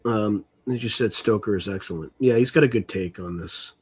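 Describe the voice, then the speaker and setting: A man's voice: fairly low pitch, normal speed, darkish tone, slightly rough. A middle-aged man hosting a livestream, chatting casually and muttering while he reads comments. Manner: rambling, muttering while reading chat. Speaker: livestream host.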